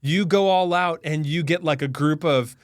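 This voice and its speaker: Easygoing man, slightly high voice. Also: normal speed, no echo, studio quality. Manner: modest, easygoing, self-deprecating. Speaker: podcast guest, nonprofit founder. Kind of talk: casual interview chat.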